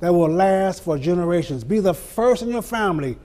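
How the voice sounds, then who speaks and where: An older man speaking as a motivational speaker to a live audience at an event. He builds his points with rhythmic repetition and dramatic pauses, and laughs through his stories. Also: high voice, animated, mellow. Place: event venue before an audience.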